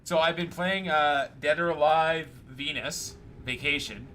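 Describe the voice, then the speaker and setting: Bright, high-voiced excitable male streamer. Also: unhurried, a little hiss or hum. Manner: excitable, rambling storyteller. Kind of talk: casual chat while gaming.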